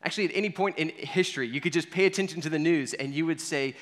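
A man delivers a sermon as guided storytelling, speaking straight to the listener and repeating key lines for weight. His voice sits slightly high for a man. A long reverb trails each phrase. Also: quick pace. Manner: speaks in the second person, leading listeners through a scene. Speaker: preacher.

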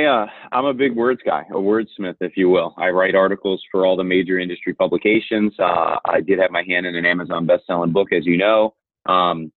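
A man with a low voice tells a story as a podcast guest, animated and candid. His voice comes through a narrow, tinny, phone-like line. The sound is dry, with no room echo. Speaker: podcast guest, insurance marketer. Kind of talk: storytelling conversation.

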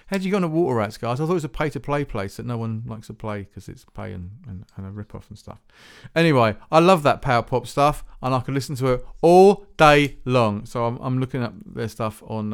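A man's voice: medium pitch, gravelly, clear, resonant tone. A man hosting a music podcast, rambling casually, often stumbling over his words and swearing offhand. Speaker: podcast host.

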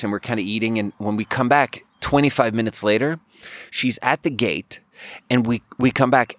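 A man hosting a podcast, telling a funny travel story in a rambling, animated way and laughing at his own punchlines. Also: medium pitch, no room sound. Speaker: podcast host. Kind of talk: casual storytelling.

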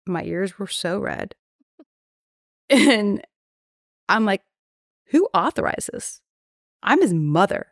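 A woman's voice: medium pitch, expressive, very slow, gravelly, pauses often, dry recording, clean studio sound. A young woman guest telling a story in casual chat, blunt and indignant, swearing freely and acting out what others said. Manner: acts out quoted voices while retelling. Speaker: podcast guest.

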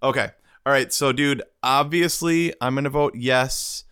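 A man's voice: mid-range voice, unhurried, fairly bright tone, clear, resonant tone, dry recording, studio quality. A man co-hosting a casual podcast chat, easygoing and calling his co-host "dude". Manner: easygoing, says "dude" a lot.

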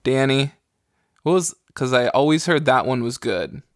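A man's voice: medium pitch, expressive, moderate pace, no room sound, clean studio sound. Wry, opinionated man in casual chat. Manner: wry, opinionated, trailing off with "you know".

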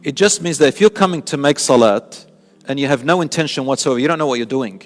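A man's voice: mid-range voice, quick pace, long reverb tail. A man giving a religious lesson in a mosque, explaining points and putting questions to his listeners. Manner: explanatory, asks the audience questions. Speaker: religious teacher. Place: mosque hall.

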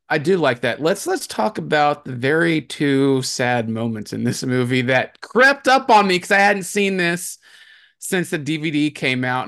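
A man's voice: medium pitch, gravelly, a bit bright. A man co-hosting a movie podcast, chatting casually and rambling with lots of fillers and restarts. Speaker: podcast co-host.

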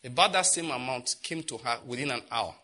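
A middle-aged man preaching to his congregation in a bright, forceful voice. He tells stories at a conversational pace, then climbs into loud, fervent outbursts. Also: medium pitch, brisk. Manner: storytelling preacher who rises to loud, impassioned outbursts. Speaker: pastor. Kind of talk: sermon.

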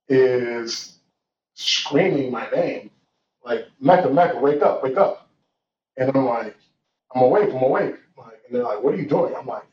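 A man's voice: medium pitch, darkish tone. A young man telling a personal story in an earnest, reflective way, with many fillers and restarts. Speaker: guest telling his story. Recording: roomy, distant, dull sound with faint noise.

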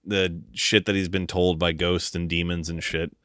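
A man with a lowish voice, recorded dry and close. He talks in a loose, animated way, swearing and acting out lines in goofy voices as he goes through a film. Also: dry recording. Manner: animated, profane, quick to act out lines in funny voices. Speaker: podcast co-host. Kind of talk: casual movie-discussion chat.

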